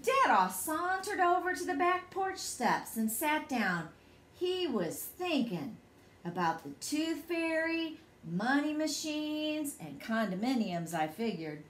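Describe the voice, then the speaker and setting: A woman reading a bedtime story aloud in a lively, expressive way. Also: sits high, slow. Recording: echoey room.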